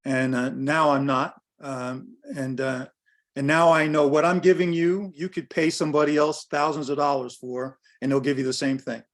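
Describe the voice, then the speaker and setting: Older American male coach in his 60s, slightly high voice, direct and emphatic, repeats his points. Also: little pitch movement, moderate pace. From United States. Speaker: business coach presenting a workshop. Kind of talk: workshop talk on pricing.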